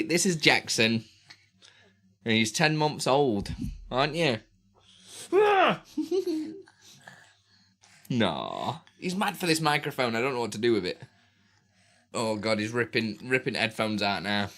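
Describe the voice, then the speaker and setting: A man's voice: mid-range voice, sing-song, slow pace, long pauses, pushed and bright. A British man chatting casually on a live stream from his small home room at a close desk mic. He is playful and laughs often, and slips into sing-song baby talk. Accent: British English. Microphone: desk microphone close up.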